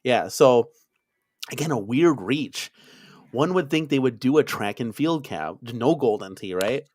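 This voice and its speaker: A man from Wisconsin hosting a casual live-stream chat, talking in an excitable, rambling way with lots of fillers. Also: mid-range voice, unhurried, no room sound. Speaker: podcast host.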